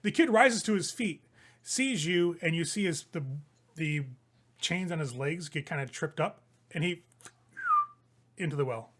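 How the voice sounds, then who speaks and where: A man's voice: on the high side, measured pace, long pauses, slight background noise. A man running a tabletop game as game master, describing scenes casually and loosely.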